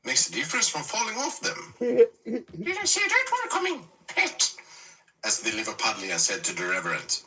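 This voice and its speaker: A man's voice: on the high side, wildly swooping pitch, moderate pace, pushed and bright, far from the mic, full character voice, low-quality recording. Man doing a bleating sarcastic old man. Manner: sarcastic teasing with bleating outbursts.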